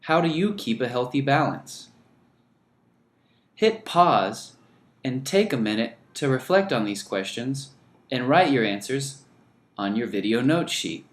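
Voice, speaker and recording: A man teaching an English lesson, speaking slowly and deliberately and modelling phrases for learners to repeat. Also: mid-range voice, lively intonation, echoey room. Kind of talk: scripted lesson narration.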